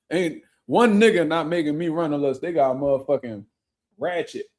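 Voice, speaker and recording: A man's voice: fairly high pitch, a little slow, a little mellow. Laid-back profane man chatting on a livestream. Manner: loose, profane, laughing often. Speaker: boxing livestream host. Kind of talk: casual livestream chat, reading viewer comments. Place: home room.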